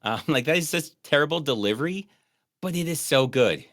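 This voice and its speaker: Lively, bright-voiced man riffing on a movie. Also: fairly high pitch, fairly quick, dry recording, studio quality. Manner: joking, rambling, laughs often. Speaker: podcast co-host. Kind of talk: casual movie commentary chat.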